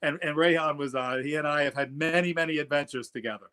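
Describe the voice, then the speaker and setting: Middle-aged man, lawyer guest, conversational, restarts his words, fairly high pitch. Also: fast talker, crowd noise. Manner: chatty, repeats words as he goes. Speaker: attorney guest. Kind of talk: casual interview storytelling.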